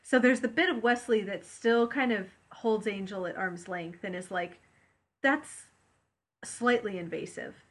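A woman co-hosting a podcast talks in a relaxed, chatty way. She rambles through her thoughts with plenty of fillers and restarts. Her voice sits at an ordinary middle pitch. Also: normal speed, few pauses. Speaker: podcast co-host. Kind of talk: casual chat.

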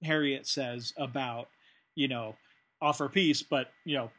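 A man's voice: mid-range voice, fairly even intonation, unhurried, a bit bright. A man co-hosting a casual discussion, thinking aloud with frequent fillers and restarts. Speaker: podcast co-host.

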